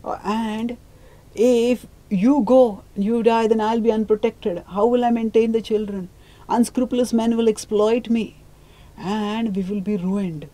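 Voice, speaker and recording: A devoted wife implores her husband, reasoning through her plea in a lifted, earnest voice. A storyteller voices her in a spoken retelling. She sounds steady in her resolve. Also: medium pitch, measured pace, voice pushed up, natural voice, poor audio. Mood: imploring. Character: devoted wife, pleading mother.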